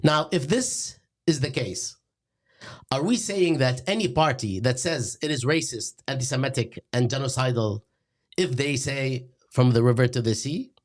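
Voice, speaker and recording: A middle-aged man, hosting a satirical lecture in a deadpan, sarcastic manner. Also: mid-range voice, moderate pace. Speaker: host.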